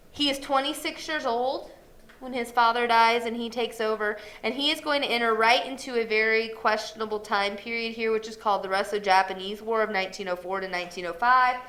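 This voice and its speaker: A woman's voice: fairly high pitch, normal speed, bright, forceful tone. A woman history teacher giving a casual, chatty classroom lecture. She often acts out quoted lines in a playful way. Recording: echoey classroom.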